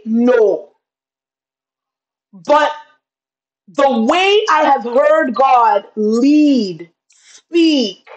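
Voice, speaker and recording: A woman's voice: sits high, poor audio. A woman business coach live-streaming on webcam, speaking with impassioned, preacher-like fervor and calling her viewers y'all. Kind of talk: live-streamed motivational talk. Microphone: video call webcam.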